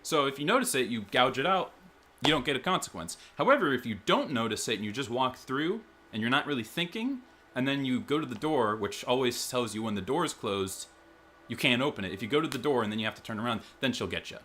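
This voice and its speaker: A man's voice: medium pitch, animated, quick pace, sharp tone, a little hiss or hum. A young man giving nervous, rambling commentary as he plays a horror game at home. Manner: nervous, rambling, talks to himself. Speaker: gaming YouTuber. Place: home, in front of a big TV.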